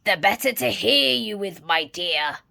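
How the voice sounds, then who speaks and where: A woman voicing a sly, hungry male wolf in a storybook reading, with a croaking, mock-sweet growl. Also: mid-range voice, lively intonation, unhurried, pushed and bright, full character voice.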